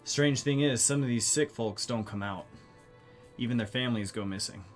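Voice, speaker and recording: A man voicing a polite, gentle male shopkeeper in a tabletop game, courteous and grave when the talk turns serious. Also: mid-range voice, normal speed, faint music behind, natural voice.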